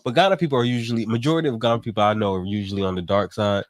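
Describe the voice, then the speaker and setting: A man's voice: lowish voice, fairly even intonation, racing, dry recording, studio quality. A man co-hosting a casual podcast chat, easygoing and agreeable, teasing his partner with questions. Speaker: podcast co-host.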